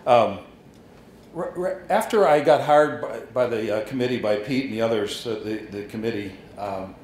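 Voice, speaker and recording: A man's voice: medium pitch, normal speed, a little mellow. An older man giving an anecdotal speech at a dedication ceremony, telling stories with chuckles and restarts. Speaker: ceremony speaker. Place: hall at an outdoor marker dedication. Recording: echoey with faint ambience.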